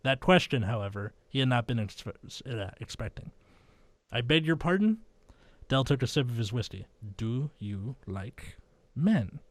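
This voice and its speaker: A young man reads fan fiction aloud for a comedy podcast, dry and deadpan, breaking into flustered laughs. His voice is close and dry on the mic, with no room sound around it. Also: medium pitch, normal speed, no echo. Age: young adult. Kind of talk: comedic dramatic reading.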